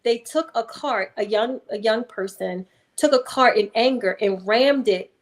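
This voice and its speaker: Emphatic woman, slightly high voice. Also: measured pace. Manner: calm, emphatic, acts out voices in anecdotes. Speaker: guest hypnotherapist. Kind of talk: conversational interview storytelling.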